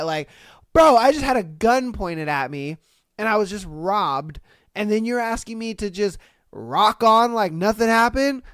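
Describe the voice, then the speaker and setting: A young adult podcast host reading listener stories aloud and reacting with profane, loud disbelief. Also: mid-range voice, expressive, unhurried, dry recording, clean studio sound. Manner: profane, loudly incredulous reactions.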